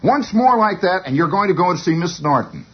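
A man's voice: sits high, very animated, a little fast, husky, exaggerated voice. A man voicing a stern woman schoolteacher scolding a pupil, on a dull lo-fi radio broadcast.

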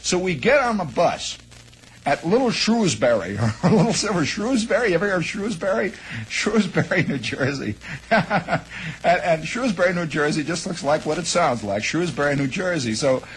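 A man with a notably high voice spins a rambling, animated yarn, jumping into the shouts and lines of his characters as he goes. He tells it like a spoken radio monologue. A faint hiss sits under the recording. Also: normal speed, poor audio. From American Midwest. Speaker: storyteller.

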